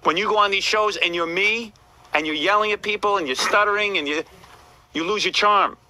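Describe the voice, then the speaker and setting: A man's voice: high voice, brisk, sharp tone, a little hiss or hum, rough recording. A man hosting a radio show, lecturing a staff member in a blunt, repetitive way.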